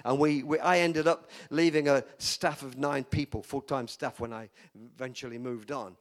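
Animated older male preacher telling a story. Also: on the high side. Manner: animated storyteller, acts out dialogue, rises to loud emphatic declarations. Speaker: pastor. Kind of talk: sermon storytelling.

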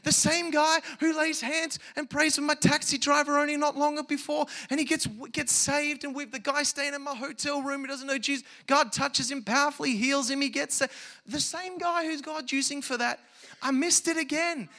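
Bright-voiced, animated male preacher. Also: very high-pitched, normal speed. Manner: animated, swings from hushed asides to shouted peaks. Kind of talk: sermon storytelling.

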